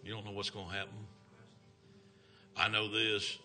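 Man, Southern accent, evangelist, folksy revival preaching, lowish pitch, soft music behind. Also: little pitch movement, normal speed. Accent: Southern American. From American South. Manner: folksy, emphatic, calls out "amen". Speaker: traveling evangelist. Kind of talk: revival sermon.

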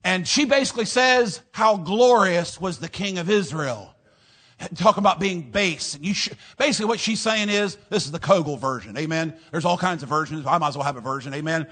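Fiery high-voiced preacher. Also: male voice, animated, quick pace, few pauses. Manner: emphatic preaching with repeated amens, swinging from loud to hushed. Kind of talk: fiery sermon.

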